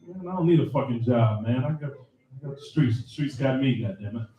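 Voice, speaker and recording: A man's voice: mid-range voice, lively intonation, brisk, mellow, muffled recording. A man doing a loose, profane live stand-up set and laughing at his own jokes. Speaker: stand-up comedian. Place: comedy club stage. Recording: roomy club sound from far off.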